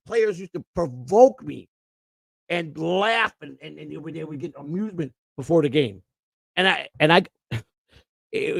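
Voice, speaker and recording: A man's voice: a little high, gravelly, dry recording. An older man hosting, telling rambling, profane anecdotes with quoted voices. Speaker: host. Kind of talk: casual storytelling.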